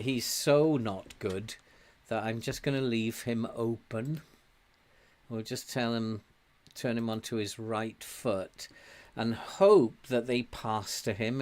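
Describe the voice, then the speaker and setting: An older man from England talks through a football management game at an unhurried, easygoing pace. He chats casually, laughs often, and gets loud cheering his players on. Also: on the low side. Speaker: game streamer. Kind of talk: casual gameplay commentary.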